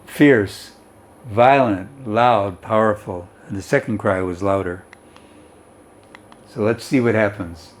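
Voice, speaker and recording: A man's voice: fairly low pitch, slow, pauses often. A male teacher explaining a story and its vocabulary in an English lesson, reading aloud and often checking in with "okay?".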